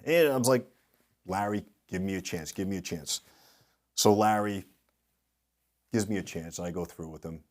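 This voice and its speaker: A middle-aged man with a fairly low voice talks as an interview guest. He tells lively anecdotes and slips into the voices of the people he quotes. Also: normal speed, long pauses. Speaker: guest speaker, industry consultant. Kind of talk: storytelling in a podcast interview.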